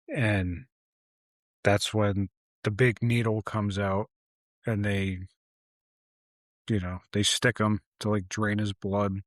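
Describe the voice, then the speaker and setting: A man's voice: fairly low pitch, level tone, slow, pauses often, no echo, clean studio sound. A man co-hosting a podcast, casually retelling a film's plot and acting out the characters' lines. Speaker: podcast co-host. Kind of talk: casual movie recap chat.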